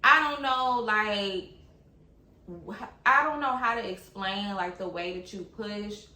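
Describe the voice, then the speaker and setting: A woman's voice: mid-range voice, slow, sharp tone, echoey room, low-quality recording. A young woman telling her own story in a candid, chatty way, talking straight to her viewers. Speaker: vlogger sharing her birth story. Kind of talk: casual personal storytelling to camera.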